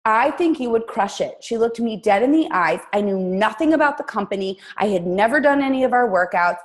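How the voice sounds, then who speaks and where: A woman's voice: fairly high pitch, expressive, brisk. A woman guest-hosting a coaching team call, telling her story in a colorful, chatty way and speaking straight to her listeners. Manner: chatty, addresses listeners directly. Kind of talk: casual motivational storytelling.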